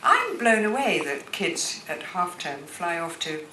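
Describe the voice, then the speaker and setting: Older woman, guest at a live stage Q&A, lively swooping voice, echoey hall with noise behind. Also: fairly low pitch, measured pace. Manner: chatty, animated anecdotes with restarts. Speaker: guest actress.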